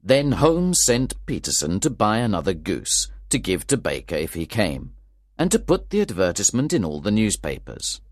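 A man's voice: fairly low pitch, huge pitch swings, moderate pace, no echo, studio quality. A man reading scripted narration of a detective story.

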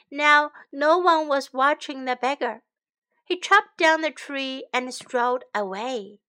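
A woman reading a children's story aloud slowly and clearly for English learners. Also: sits high, fairly bright tone. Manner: slow, clear, teacherly.

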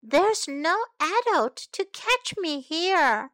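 A woman voices an excited little girl from a children's storybook, pitched high and sounding bright. She is playful and eager, and close to the mic. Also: slow, no echo, full character voice. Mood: worried.

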